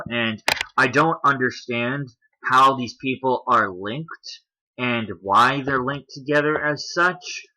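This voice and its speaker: Guy walking thru a chart on screen share, chatty, kinda thinking out loud, really bright voice. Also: mid-range voice, rough recording. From Canada. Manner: conversational, thinking aloud while browsing a chart. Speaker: political commentary channel host. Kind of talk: screen-share explainer commentary.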